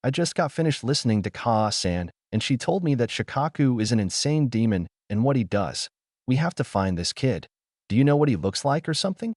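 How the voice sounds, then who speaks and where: A man's voice: medium pitch, sing-song, brisk, darkish tone, no echo, clean studio sound. A man voicing a cocky, teasing blond boy ninja in a fan fiction audiobook reading. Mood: playful. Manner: joking, taunting.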